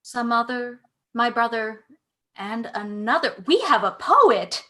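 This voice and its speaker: Cast: woman reading a wry, demanding woman, bright, somewhat high voice. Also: animated, slow. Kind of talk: live play reading.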